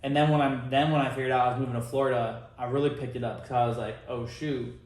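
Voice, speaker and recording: A young man talks in a loose, rambling way about himself. His voice sits at a middle pitch. The room around him echoes. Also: little pitch movement, fast talker, a little hiss or hum. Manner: rambling, laid-back, self-deprecating. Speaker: co-host. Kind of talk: casual chat. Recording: roomy echo.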